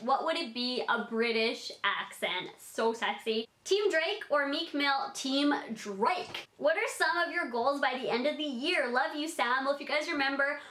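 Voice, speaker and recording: A woman's voice: fairly high pitch, bright, forceful tone, reverberant. A young adult woman answering fan questions in a bubbly, rambling vlog chat, full of "like". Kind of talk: casual Q&A vlog.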